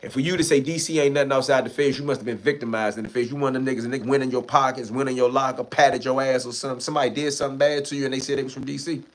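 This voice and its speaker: This D.C. livestream host, speaking with a D.C. accent, answers chat with a heated, profane rant in blunt street talk. His medium-pitched voice keeps fairly even intonation and races along very fast, hardly pausing.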